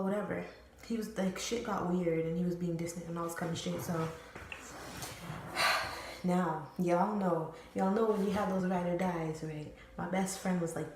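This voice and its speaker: A woman's voice: lowish voice, a little hiss or hum. A young woman telling a candid, rambling personal story to her viewers, full of fillers and swearing. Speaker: storytime vlogger. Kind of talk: casual storytelling. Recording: very echoey room.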